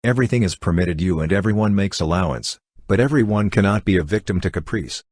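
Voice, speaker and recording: A cool, teasing young woman in a storybook, as a man with a deep, slightly husky voice reads her out, her talk calm and gently mocking, dry close sound with no room around it. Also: fast talker, no echo. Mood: chiding.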